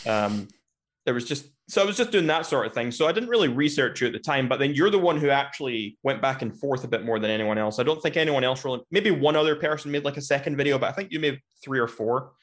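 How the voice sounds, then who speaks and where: Man, rapid speech, restarts, casual podcast guest. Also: medium pitch, animated. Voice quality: rapid talk with stumbles and restarts. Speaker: guest YouTuber.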